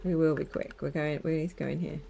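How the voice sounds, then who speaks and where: A woman's voice: sits low, steady tone, quick pace, gravelly, mellow, soft background music. A woman streaming a game, chatting casually with rambling asides and giggles. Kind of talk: casual let's-play commentary.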